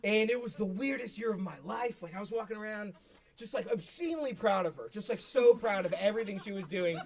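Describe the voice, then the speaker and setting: A man doing a stand-up comedy set, telling stories in an animated way that breaks into high excited shouts. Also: fairly quick. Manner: animated storytelling, shouting into squeaky high bursts when excited. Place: small live venue with audience. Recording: live club recording, mic at a distance, audience laughter.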